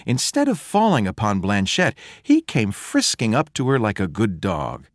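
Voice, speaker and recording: A man reading a fairy tale aloud in a slow, expressive storytelling manner. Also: lowish voice, no room sound, clean studio sound.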